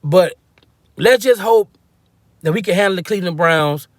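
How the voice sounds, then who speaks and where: A man's voice: high voice, normal speed, dry recording, studio quality. A man giving a casual, slangy football-fan rant, joking and acting out quotes as he goes. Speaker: sports fan commentator.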